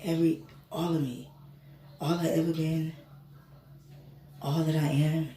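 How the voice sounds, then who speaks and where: A woman telling a personal story in a casual, animated and candid way, swearing freely. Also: deep voice, measured pace. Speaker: spiritual reader and reiki healer. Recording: echoey room with faint noise.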